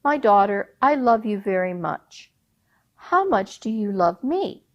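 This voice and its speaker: A proud, touchy emir who questions and then orders people about, as a woman storyteller puts him on. His voice swings widely in pitch and his delivery is slow and deliberate. He sounds like a king in a told folk tale. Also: sing-song, dull audio. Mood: asking fondly. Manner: demanding, then angry and commanding. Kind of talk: oral storytelling.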